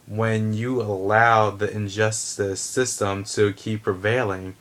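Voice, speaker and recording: Heated, forceful low-voiced man ranting. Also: flat delivery, slow. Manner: heated, blunt, swears, restarts sentences. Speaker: vlogger. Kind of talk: opinion rant to camera.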